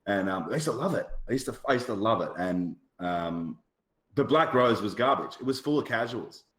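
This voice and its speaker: A man's voice: lowish voice, animated, normal speed, a bit bright. A man from Australia, telling a rambling story as a podcast guest, full of fillers and asides. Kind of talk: casual storytelling chat. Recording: roomy echo.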